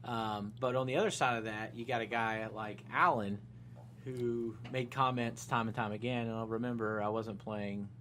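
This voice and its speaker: A man's voice: mid-range voice, level tone, normal speed, bright, forceful tone, a little hiss or hum. A man co-hosting a podcast, chatting casually about sports with many restarts and fillers. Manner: rambling, many restarts and fillers, laughs at own jokes. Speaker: podcast co-host.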